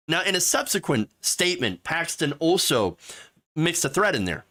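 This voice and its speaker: A man's voice: a little high, very animated, moderate pace, pushed and bright. A man hosting sarcastic political commentary, mocking and mimicking the people he talks about. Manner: mocking, with exaggerated mimicking voices.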